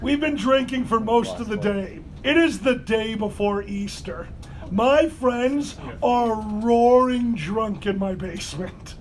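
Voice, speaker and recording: High-voiced man telling a rowdy story. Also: takes it slowly. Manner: loud animated storyteller, laughs through punchlines. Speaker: panel host. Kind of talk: live convention panel storytelling. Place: convention panel room.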